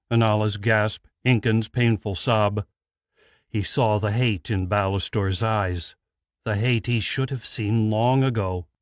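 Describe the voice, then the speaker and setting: A man narrating a fantasy audiobook in a measured, deliberate scripted read. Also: on the low side, dry recording, studio quality.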